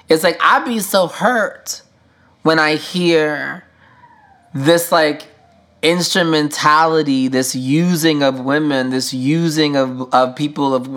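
A man's voice: fairly high pitch, fairly bright tone. A man hosting a podcast, talking through his feelings in a candid, emotional solo monologue, swearing freely with casual slang and lots of fillers. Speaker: podcast host.

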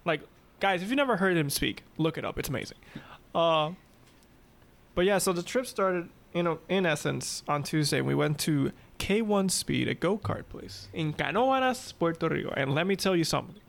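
A man co-hosting a podcast, chatting casually with friends and telling animated, joking stories. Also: fairly high pitch, moderate pace, gravelly. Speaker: podcast co-host. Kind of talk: casual chat among friends.

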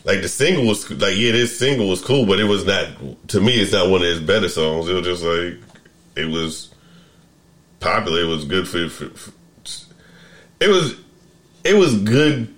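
A man's voice: low voice, animated, moderate pace, pauses often, fairly bright tone. A man hosting a podcast in casual chat, rambling and restarting his sentences as he thinks aloud. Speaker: podcast host.

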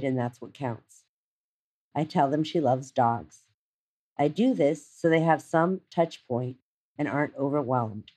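A woman in her fifties reads her own personal essay, her voice set unusually low for a woman. She is measured and reflective, with a gently wry turn, unhurried from line to line. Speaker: narrator.

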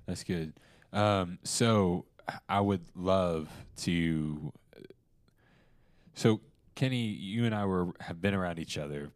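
A man's voice: sits low, no room sound. A young man hosting a casual podcast chat, rambling through fillers and restarts. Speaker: podcast host.

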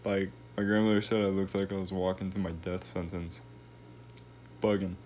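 A young man with a deep, low-pitched voice tells stories in loose, slangy chat and swears freely. His delivery is relaxed and unhurried, and a faint hiss sits under the recording. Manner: laid-back, slangy, swears a lot. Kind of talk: casual storytelling chat.

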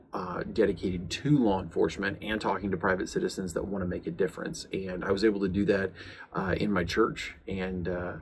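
A man's voice: deep voice, a little hiss or hum. A man in his forties, a podcast host and police chaplain, talking earnestly in a rambling casual monologue full of uhs and restarts.

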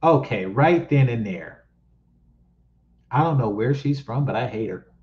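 Reacting to clips, this East Oakland, California commentary host is blunt and mocking, ranting and hammering his points through repetition. He talks a little slowly in a medium-pitched voice with lively intonation, and the audio sounds dull.

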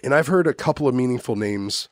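A male interviewer with a middle-pitched voice asks soft, halting questions to draw out his guest. The recording is dry and close. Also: expressive, no echo. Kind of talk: conversational interview.

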